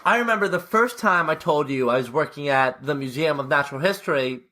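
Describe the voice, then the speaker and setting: A young man in his twenties co-hosting a podcast, telling stories in a fast, animated casual chat. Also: on the high side. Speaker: podcast co-host.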